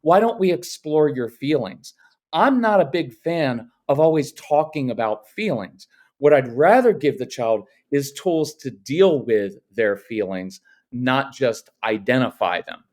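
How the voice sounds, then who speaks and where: A middle-aged man, a parenting coach talking as a podcast guest, firm and even, acting out little quotes of parents and kids. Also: mid-range voice, unhurried. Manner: firm, matter-of-fact, acts out quotes. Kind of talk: podcast interview.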